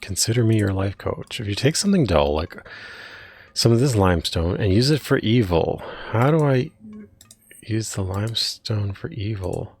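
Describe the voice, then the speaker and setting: A man's voice: lowish voice, lively intonation, moderate pace, darkish tone, slightly rough, dry recording. A man giving wry, hesitant commentary as he plays a retro adventure game. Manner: dry, wry, hesitant with many ums. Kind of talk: casual let's play commentary.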